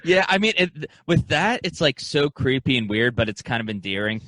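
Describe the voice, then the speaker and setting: A man's voice: mid-range voice, big pitch swings, normal speed, fairly bright tone, no room sound. A young man co-hosting a podcast, talking in a laid-back, rambling way with plenty of fillers and laughs. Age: young adult. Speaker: podcast co-host. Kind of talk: casual chat.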